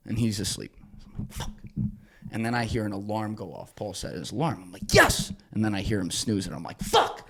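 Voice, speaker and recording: A young man, a podcast guest, telling a long story with lots of swearing and sudden shouted quotes, acting out the people in it. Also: fairly low pitch, a little fast, gravelly, husky. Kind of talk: animated storytelling in casual conversation.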